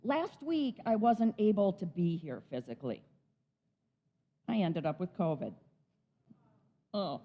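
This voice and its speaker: Excited woman speaker at a spiritual center, bubbly talk, kinda muffled recording. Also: fairly low pitch, a little slow, long pauses. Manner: bubbly, enthusiastic. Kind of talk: inspirational talk.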